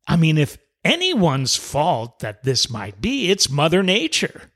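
Animated male storyteller with a lively pitch. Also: slow, breathy edge. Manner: animated storyteller acting out quoted dialogue. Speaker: podcast host, former cruise director. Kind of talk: storytelling self-help talk.

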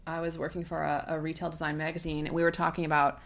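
A woman's voice: deep voice, little pitch movement, fast talker, gravelly, a bit bright. A woman co-hosting a health news podcast in casual chat, talking freely with frequent laughs and fillers. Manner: chatty, laughs often, many filler likes. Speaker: podcast co-host.

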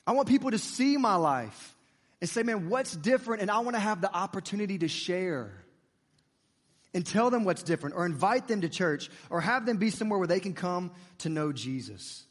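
A man preaching a sermon, chatty and lively, joking with the congregation. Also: sits high, moderate pace, big-room sound. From United States. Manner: conversational and lively, with playful asides to the congregation.

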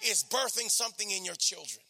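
A man preaching a sermon, exhorting with emphatic repetition and dropping to soft storytelling. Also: high-pitched, expressive, fairly quick, vocal fry.

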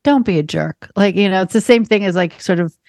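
A woman in mid pitch hosting a podcast in easy conversation. She asks eager questions and often chimes in with quick agreement. Her voice sounds close and dry, with no room echo. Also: a little mellow. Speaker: podcast host. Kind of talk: casual chat.

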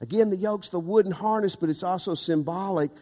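A high-voiced male pastor delivers a sermon, his voice lifting into loud, impassioned emphasis. The room behind him carries a long reverb, as in a large church sanctuary. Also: brisk.

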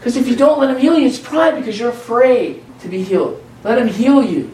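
A man with a high voice preaches an informal sermon, talking the way he would in conversation and circling back over his phrases. He sounds far from the mic in an echoey church room. A faint hum of the room sits behind him. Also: fairly quick, a little mellow.

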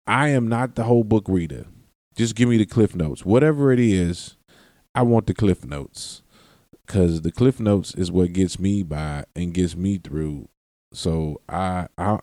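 His low, mellow voice comes through with studio quality and no echo as he hosts his podcast alone, rambling at length, interrupting himself, and laughing and cursing along the way.

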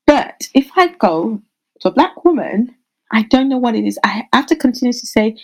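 A woman midwife answering interview questions in an earnest, thoughtful way, often pausing over her words with fillers. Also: on the high side, lively intonation, low-quality recording. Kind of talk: interview answers, casual conversation.

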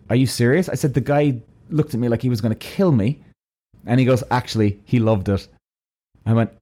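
Swearing Irish man telling a story. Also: mid-range voice. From Ireland. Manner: animated, swears often, acts out both sides of conversations. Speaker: vlogger telling a personal story. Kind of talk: casual storytelling.

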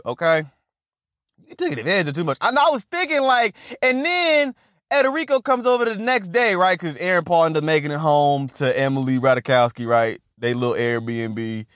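A young man rants through a movie recap with loud, profane, animated energy, talking straight at the characters. His voice sits high for a man. The recording is dry and close, with no room sound. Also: moderate pace, no room sound. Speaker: comedic movie reviewer.

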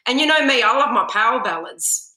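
A woman's voice: on the high side, expressive, fairly quick, bright, forceful tone. A woman singer, a podcast guest, telling her story animatedly and acting out her own panic in quotes. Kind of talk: podcast interview. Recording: echoey room.

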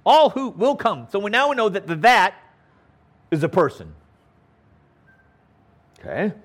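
Slow emphatic man preaching, bit high voice, keeps saying okay?. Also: sing-song. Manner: emphatic, repeats key words, frequent "okay?" checks. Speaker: pastor. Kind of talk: verse-by-verse Bible teaching sermon.

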